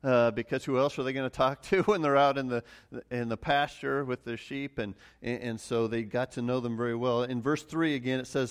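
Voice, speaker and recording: A middle-aged man preaching a relaxed sermon, mixing farm stories with scripture in a conversational, self-deprecating way. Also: medium pitch, fairly quick, clean tone. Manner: conversational, many restarts and fillers, chuckles at himself. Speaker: pastor. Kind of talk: casual sermon with personal stories.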